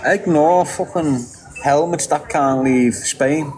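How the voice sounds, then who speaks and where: A middle-aged channel host with a Liverpool accent takes his time answering viewer questions, his voice on the high side and a little mellow. He's blunt and foul-mouthed, and the rough recording carries slight background noise.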